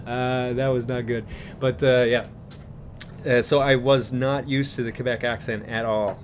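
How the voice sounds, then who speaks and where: A man from Newfoundland hosting a live stream in a loose, easygoing chat, his voice sitting at an ordinary middle pitch. He rambles from thought to thought and chuckles often along the way. A faint low rumble runs underneath. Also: level tone, measured pace. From Newfoundland, Canada.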